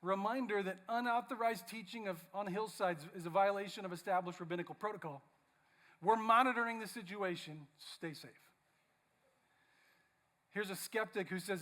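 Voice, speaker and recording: A man with a high voice preaches to a church congregation in a playful, humorous way. He moves easily between joking asides and earnest Bible teaching. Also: normal speed, a bit bright. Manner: playful, reads mock social posts aloud. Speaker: pastor. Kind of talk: humorous sermon.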